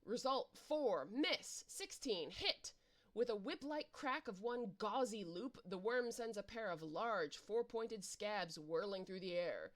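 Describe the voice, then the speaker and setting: A playful woman reading a webcomic adventure aloud, calling out the dice rolls and narrating the fights. Her delivery is animated and informal, and her voice sits in the ordinary middle range for a woman. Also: medium pitch, slow pace. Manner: animated, playful, reacting with laughs. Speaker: reader and narrator.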